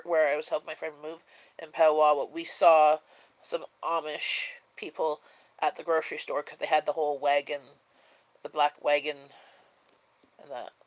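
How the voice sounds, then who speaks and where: On a low-quality recording, a low-voiced woman from Canada chats casually as a live-stream host. She's drowsy, yawns, and wanders from point to point, filling gaps with plenty of fillers.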